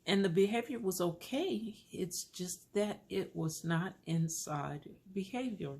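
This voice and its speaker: A woman recounts a personal parenting story in a calm, unhurried voice. Her low-set voice carries a gravelly texture, and she takes her time with every phrase.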